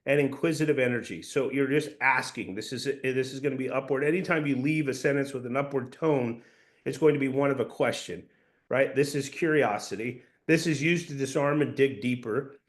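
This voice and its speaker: A man's voice: mid-range voice, a little fast. A man giving a sales training talk to his team, emphatic and repeating key points so they can be written down.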